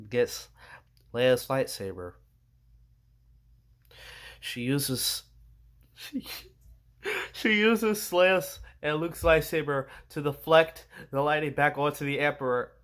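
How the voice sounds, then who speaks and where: A young man with a fairly high voice gives a loose, rambling rant about a film. He talks in slang and stops often to search for words. He sounds exasperated the whole way through. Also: lively intonation, slow, pauses often, a bit bright. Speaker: movie reviewer. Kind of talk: casual movie rant.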